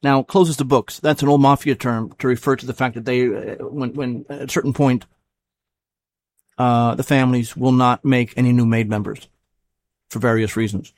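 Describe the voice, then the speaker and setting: A man's voice: medium pitch, fairly even intonation, normal speed, darkish tone. A man hosting a solo commentary show, talking casually and rambling, often stopping to correct himself. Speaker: show host.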